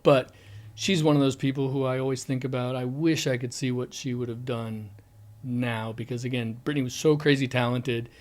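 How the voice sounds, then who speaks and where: Candid man remembering a friend. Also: medium pitch. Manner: candid, frequent restarts, drops to soft tones. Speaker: actor guest. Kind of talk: reflective interview.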